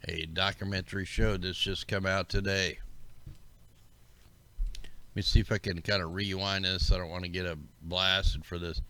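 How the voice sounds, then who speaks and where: A man's voice: deep voice, flat delivery, moderate pace, long pauses, pushed and bright. A man hosting a livestream, rambling casually and conspiratorially as he talks through maps and greets his viewers. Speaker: livestream host. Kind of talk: casual commentary over maps.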